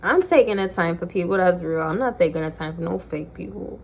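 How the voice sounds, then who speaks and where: A woman's voice: fairly low pitch, lively intonation, fairly quick, gravelly, a little hiss or hum. A young woman speaking to her phone camera in an emphatic, preachy way. She repeats her points for effect. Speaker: vlogger. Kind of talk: casual talk to camera.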